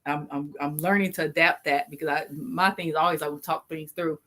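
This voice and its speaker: A woman's voice: deep voice, fairly even intonation, fairly quick, bright, forceful tone. Woman thinking aloud on a podcast. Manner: thinks aloud with restarts, laughs easily. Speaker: podcast co-host. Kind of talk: casual couple chat.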